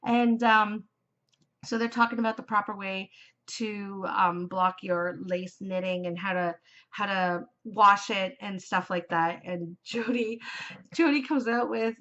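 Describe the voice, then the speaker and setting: A woman's voice: medium pitch, steady tone, moderate pace, pushed and bright. Gushing chatty woman podcaster, lo-fi. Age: 40s. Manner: gushing and chatty, often breaking into laughter. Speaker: podcast host. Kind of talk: casual chat.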